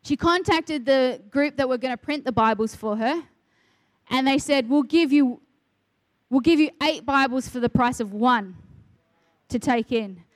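A woman's voice: sits high, normal speed, dry recording. A middle-aged woman, a ministry worker, telling a faith testimony in earnest conversation and quoting the people she talks about. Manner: earnest storytelling, quotes others.

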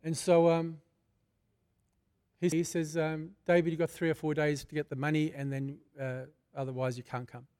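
An older man preaching a sermon, moving from prayer into a personal testimony told in a fervent, conversational way that swells to loud bursts. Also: fairly high pitch, little pitch movement, moderate pace, smooth. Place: church.

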